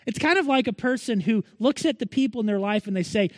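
A man's voice: high voice, fast talker, few pauses, dry recording, big-room sound. A male pastor preaching a Sunday sermon in an earnest manner, pressing his listeners with repeated rhetorical questions.

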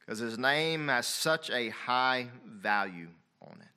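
Bright-voiced preacher man. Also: mid-range voice, animated, takes it slowly, clean tone. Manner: swings from loud emphatic preaching to quiet confessional tone; reads King James scripture aloud. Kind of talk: sermon.

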